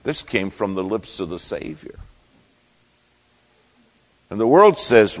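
A man preaching a sermon as pastor, emphatic, swinging between loud declarations and hushed asides. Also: lowish voice, very animated, slow, long pauses, in a large hall.

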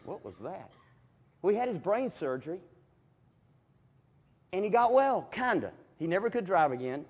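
A man preaching a sermon, telling stories in a folksy, animated way with chuckles. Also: high voice, moderate pace, breathy edge. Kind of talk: storytelling sermon. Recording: dull lo-fi recording.

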